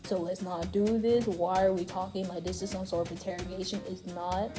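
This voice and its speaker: A woman voicing a smug, threatening male soldier commander in a lower, quieter voice than her own while retelling a video game scene. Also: steady tone, fairly quick, music in the background, lightly acted. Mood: menacing.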